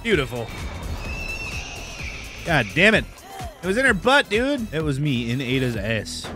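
A man streaming a horror game, reacting with loud, profane outbursts as he plays. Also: fairly high pitch, very animated, a little slow. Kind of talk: live gameplay commentary. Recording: game music underneath.

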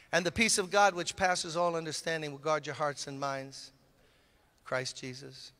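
An older man from Brooklyn, a pastor telling a story in a sermon and acting out the voices in his conversations. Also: on the high side. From Brooklyn, New York. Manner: animated, acts out both sides of conversations. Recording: long hall reverb.

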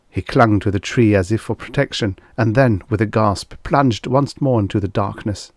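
A man's voice: fairly low pitch, moderate pace, few pauses, a little mellow, no echo, studio quality. A man reading vintage science fiction aloud as an audiobook narrator, telling the story expressively. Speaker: audiobook reader.

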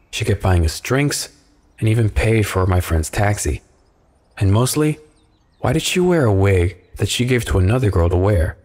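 A man calmly narrating a first-person horror story from a script. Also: on the low side.

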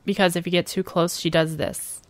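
A woman's voice: fairly low pitch, little pitch movement, fairly quick, dry recording. A woman giving casual game commentary at home, joking and impatient, talking back to the characters. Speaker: let's play gamer.

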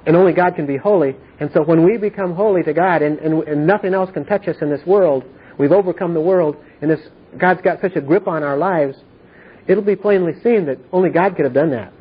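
A man's voice: fairly high pitch, a little fast, breathy edge. A man leading an informal Bible study, explaining earnestly and often asking whether his listeners understand. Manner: earnest, repetitive explaining with frequent checks for understanding. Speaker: Bible teacher. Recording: tinny phone-like audio.

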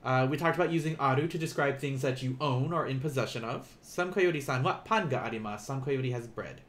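A man's voice: medium pitch, quick pace. Casual man teaching on a live stream. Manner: relaxed, chatty explaining with frequent fillers and restarts. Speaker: Japanese teacher.

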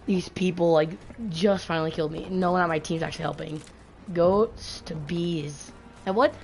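A woman live streaming a game rants angrily through a gaming headset mic, swearing and complaining in frustration at the other team and her computer. Her voice is on the low side and a little mellow, at a moderate pace, with a little hiss or hum.

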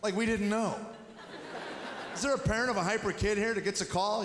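A middle-aged man with a fairly high voice works a stand-up routine, dry and wry, tossing off quick asides. He plays to a big echoing hall, with room noise clearly under him. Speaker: stand-up comedian. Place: large hall with live audience.

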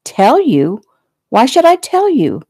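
A woman voicing a spirited, no-nonsense private nurse who talks sharp, indignant and firm. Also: high-pitched, huge pitch swings, slow, slightly rough, dry recording, clean studio sound, voice pushed up, exaggerated voice.

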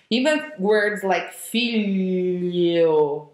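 A woman, an opera diction coach teaching vowels slowly and demonstrating each sound. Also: lowish voice. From Italy. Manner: slow, deliberate, sings out example vowels. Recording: echoey room.

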